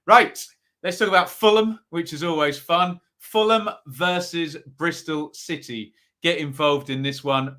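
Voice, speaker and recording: A man's voice: fairly high pitch, a little slow, pushed and bright. A man hosting a live football predictions stream, chatting casually and reading out viewers' comments. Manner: chatty, upbeat, reads out chat comments.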